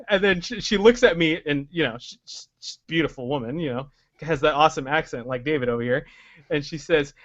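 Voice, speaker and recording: A man's voice: fairly high pitch, fast, fairly bright tone, no echo. A man hosting a casual podcast, enthusiastic and laughing often. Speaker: podcast host. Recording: slightly dull lo-fi audio.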